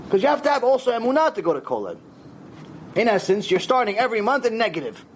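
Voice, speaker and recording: High-voiced rabbi, animated storyteller. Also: male voice, fast talker, slight background noise. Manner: animated storytelling, acts out dialogue, sprinkles Hebrew words. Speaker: rabbi teaching a Torah class. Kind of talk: lively Torah lecture.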